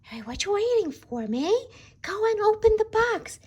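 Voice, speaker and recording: A woman voicing a bubbly teenage girl doll who is best friends with the other figure, talking loudly and pushily in doll play. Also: very high-pitched, sing-song, normal speed, highs cut off, pitched above the performer's own voice. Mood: eager.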